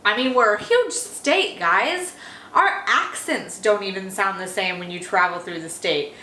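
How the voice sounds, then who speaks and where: A woman's voice: medium pitch, lively intonation, measured pace, bright, forceful tone. A young woman vlogging to camera in a chatty, opinionated way, talking straight to her viewers. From Texas. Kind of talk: casual chat to camera. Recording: echoey room with faint background noise.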